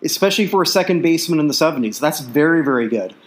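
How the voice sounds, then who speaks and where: A man with a higher, expressive voice races along as co-host of a casual sports podcast. He rattles off statistics, packing his speech with fillers.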